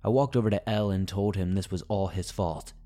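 A man's voice: deep voice, brisk, mellow, soft background music. A man narrating a first-person horror story as a scripted reading, tense and dramatic.

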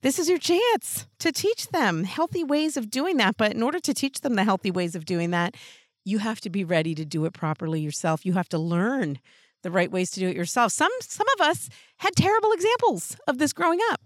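A woman hosting a parenting show, giving earnest, gentle advice in a casual way and laughing lightly between thoughts. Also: mid-range voice, very animated, a little fast, no room sound, studio quality. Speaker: parenting podcast host.

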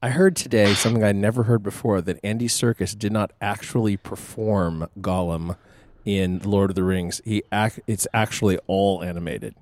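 A man's voice: fairly low pitch, steady tone, moderate pace, a little mellow, no echo. A man chatting casually on a podcast, often hesitating and restarting his sentences. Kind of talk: casual chat.

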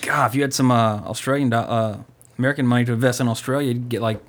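A man's voice: medium pitch, steady tone, quick pace. A man hosting a movie podcast, chatting casually and joking, with a lot of fillers and asides. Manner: loose, joking, rambling with frequent fillers. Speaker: podcast host.

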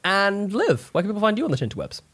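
A man's voice: high-pitched, quick pace. A man hosting a casual podcast, playful and chatty, often repeating his words. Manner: lively, playful, repeats himself. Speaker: podcast host.

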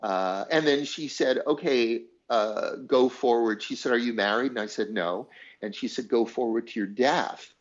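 A man talks through a personal story as an interview guest, slipping into the voices of the people he quotes. His voice sits at a middle pitch. The recording sounds a little dull and lo-fi. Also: normal speed. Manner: animated storyteller, acts out quoted voices, laughs. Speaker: songwriter guest. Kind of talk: conversational storytelling.

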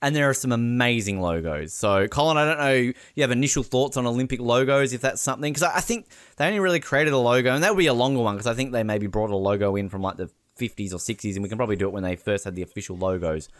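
A man hosting a casual podcast, jokey and quick to laugh. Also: mid-range voice, no room sound, studio quality. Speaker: podcast host.

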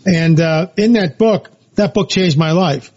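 A male author and researcher, interviewed as a guest, tells his story emphatically with lots of repeated phrases and fillers. His voice is fairly high, a little slow and a little mellow, in animated storytelling talk captured on dull lo-fi audio.

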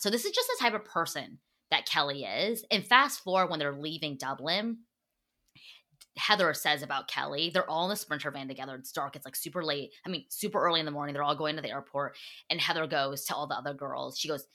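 Low-pitched, bright-toned gossiping woman. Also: lively intonation, brisk. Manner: chatty, full of "like" fillers and swearing. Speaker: podcast host. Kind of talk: casual gossip chat.

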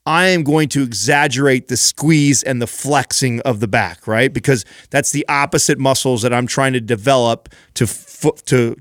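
A man's voice: mid-range voice, dry recording, clean studio sound. Man coaching with many restarts. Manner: coaching, explains with repeated restarts. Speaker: podcast co-host. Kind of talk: casual fitness podcast chat.

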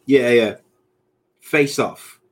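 A man's voice: medium pitch, drawn-out words. A man in his thirties co-hosting a podcast in casual, joking chat, often laughing at his own jokes. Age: 30s. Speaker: podcast co-host.

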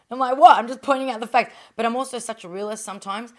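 A woman's voice: a little high, fast, a little mellow. An Australian woman in her thirties, a boxer talking candidly in an interview, blunt and full of swearing, fillers and restarts.

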